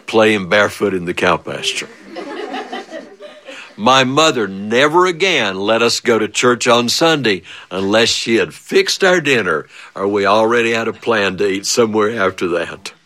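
A man spins a childhood tale at an unhurried pace, his voice swooping high and low as he acts it out. The tone is bright and clear, and he chuckles often between lines. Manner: animated, chuckling often, big swings of voice. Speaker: storyteller. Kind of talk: spoken storytelling.

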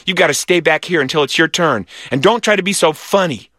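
A man's voice: a little high, a little fast, fairly bright tone, no room sound, studio quality, pitched above the performer's own voice. A man voicing a bossy, impatient older boy in a storybook reading, talking in curt orders.

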